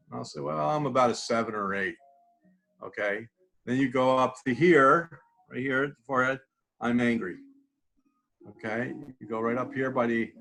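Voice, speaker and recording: A man's voice: medium pitch, fairly bright tone. Man demonstrating a technique to a class. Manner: instructive, repeats phrases while demonstrating. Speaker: instructor.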